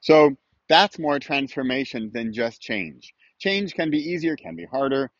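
A man's voice: mid-range voice, expressive, measured pace, no room sound, highs cut off. A man hosting his own weekly video podcast, chatting casually and rambling a little while he films himself outdoors. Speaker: podcast host. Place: outdoors with a morning view.

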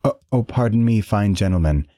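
Snide, menacing tormentor, read by a man, uppity and mocking, dark husky tone. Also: very deep voice, expressive, no echo, studio quality, heavily acted. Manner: sneering, snarky, drawn-out threats.

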